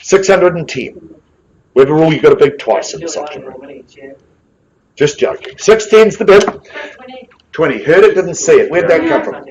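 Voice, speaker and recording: Jovial New auctioneer, brisk patter. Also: male voice, on the high side, lively intonation, darkish tone, dull audio. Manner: brisk, jovial patter with quick asides to bidders. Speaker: real estate auctioneer. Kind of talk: live property auction calling. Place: auction room with bidders present.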